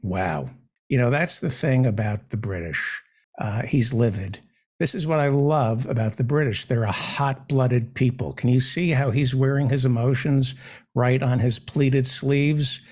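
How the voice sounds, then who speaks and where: A man hosting a comedy show, delivering a sarcastic, deadpan satirical monologue. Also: medium pitch, measured pace. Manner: sarcastic, deadpan jokes with mock questions.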